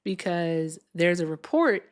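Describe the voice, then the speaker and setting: A woman hosts a political live stream from a desk mic at home. Her delivery is animated and emphatic, with swearing along the way. She slows right down to hammer each point home. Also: on the low side. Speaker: livestream political host.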